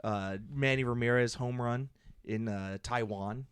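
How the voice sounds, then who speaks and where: A young man riffs his way through a loose comedy podcast, cracking himself up as he tells stories. His voice sits at an ordinary pitch. The sound is dry and close, with no room around it. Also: unhurried, smooth, no echo. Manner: laughs often, animated storytelling. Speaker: podcast co-host. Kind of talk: casual comedic chat.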